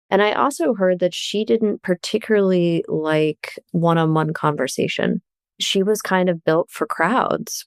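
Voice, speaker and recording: A woman, a journalist and author, talking as a podcast guest in a casual, animated way, often laughing as she tells stories. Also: deep voice, clear, resonant tone, dry recording, studio quality.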